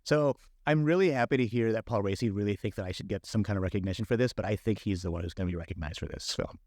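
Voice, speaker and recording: A middle-aged film director from the San Francisco Bay Area, appearing as an interview guest, tells stories casually in a low, chatty, animated voice. He speaks rapid-fire, packing in filler and quoting his own inner thoughts, recorded on a dry close mic with no room sound.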